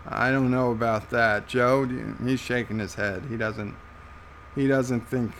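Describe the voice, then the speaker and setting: An American man hosts a relaxed live stream and reads viewers' messages aloud at an unhurried pace. His voice sits at an ordinary male pitch, and his delivery is amused and halting. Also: slight background noise. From United States. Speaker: livestream host reading chat. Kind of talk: casual live-stream chat.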